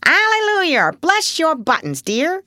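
A woman voicing a mischievous old male parrot in a shrill, croaking squawk. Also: wildly swooping pitch, slow pace, sharp tone, no echo, studio quality, heavily acted.

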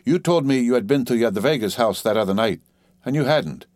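A man's voice: mid-range voice, lively intonation, brisk, a little mellow, no room sound, studio quality, natural voice. A man voicing a jealous laborer husband who speaks in a hard, accusing, clipped way in an audiobook.

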